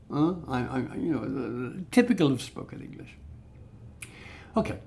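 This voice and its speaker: Gravelly-voiced man teaching exam skills. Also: medium pitch, expressive, measured pace, a little mellow. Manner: chatty, explanatory, many restarts and fillers. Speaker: English speaking-test teacher. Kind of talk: spoken exam lesson.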